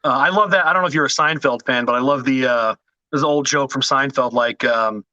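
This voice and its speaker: Bright-voiced joking man, dry mic. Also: medium pitch, brisk, dry recording, dull audio. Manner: joking, self-deprecating banter. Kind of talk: casual chat.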